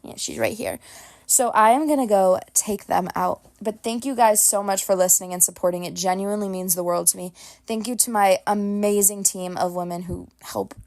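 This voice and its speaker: A woman's voice: mid-range voice, steady tone, moderate pace, a little mellow. A young woman hosting a solo hockey podcast from home, chatting casually with lots of "like"s and self-aware laughs. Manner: chatty, many "like"s, laughs at herself. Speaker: podcast host. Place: home, dogs beside her.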